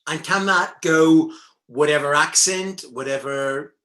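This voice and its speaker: A man co-presents with relaxed banter and reads questions out with small hesitations. His voice is bright and a bit high for a man, and it echoes in a roomy space. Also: a little hiss or hum. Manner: jokey, relaxed, a little halting. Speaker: co-presenter reading viewer questions. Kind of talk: casual chat. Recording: roomy echo.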